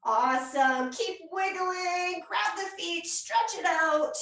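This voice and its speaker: A woman yoga instructor's voice is extremely high, a bit bright, and slow as she runs a playful children's class at a public fair's indoor hall. She's encouraging and throws in cheery whoops, while the echoey space makes her sound far off.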